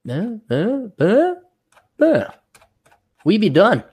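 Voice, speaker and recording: A man with a slightly higher voice rants through a solo podcast. He swears freely and sneers at people he mocks. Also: wildly swooping pitch, very slow, darkish tone, slightly rough. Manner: profane, sarcastic, ranting; mock voices for people he ridicules. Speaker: podcast host.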